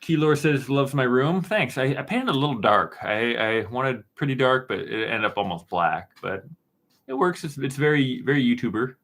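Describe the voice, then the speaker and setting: A man in his thirties hosting a casual live stream, answering chat questions in a relaxed, rambling way with plenty of fillers and restarts. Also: medium pitch, moderate pace. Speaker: woodworking channel host answering live chat. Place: dark-painted home studio room.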